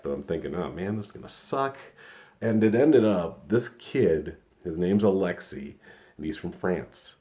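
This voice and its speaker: A man's voice: rumbling low, dark tone. A man in his fifties telling a personal story in a rambling, reflective way, with many restarts. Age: 50s. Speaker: podcast host and comedian.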